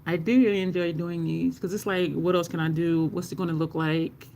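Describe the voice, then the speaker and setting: A chatty makeup livestreamer talks to viewers while applying a look, at a middle pitch. The talk is loose and unscripted, full of laughter and quick replies to the chat, with a swear word dropped in here and there. A faint hum of noise sits behind the voice. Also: level tone, vocal fry, a little mellow. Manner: curses casually in conversation.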